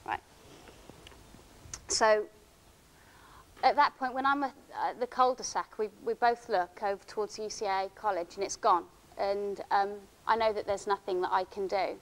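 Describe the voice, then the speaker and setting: A woman speaks at a conference. She tells a personal account in a halting, emotional way, restarting her sentences often. Her voice sits at an ordinary middle pitch. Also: low-quality recording. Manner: halting, emotional storytelling with many restarts and fillers. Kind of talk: first-person account given as a conference talk. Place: conference hall.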